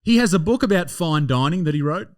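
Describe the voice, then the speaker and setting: A man's voice: fairly high pitch, fast, dry recording. A man with an Australian accent hosting a comedy podcast, joking and swearing in casual banter. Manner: profane, joking, animated. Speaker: podcast host.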